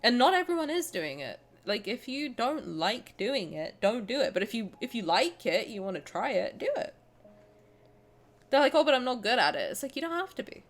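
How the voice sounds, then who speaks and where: Lively streamer woman in her twenties. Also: a little high, normal speed. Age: 20s. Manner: rambling, animated, frequent laughs and restarts. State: out of breath. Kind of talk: casual stream chat reading comments.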